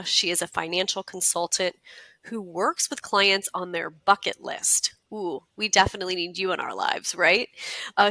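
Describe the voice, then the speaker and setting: A woman's voice: medium pitch, sharp tone, no room sound. A woman hosting a podcast, enthusiastic and friendly, sounding a little stuffy from a cold. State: stuffy, under the weather. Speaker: podcast host.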